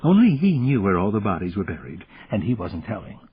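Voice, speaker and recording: A man reading a thriller audiobook in the third person, in a grave, measured way. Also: lowish voice, big pitch swings, husky. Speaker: audiobook narrator. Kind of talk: third-person scripted narration. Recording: dull lo-fi recording.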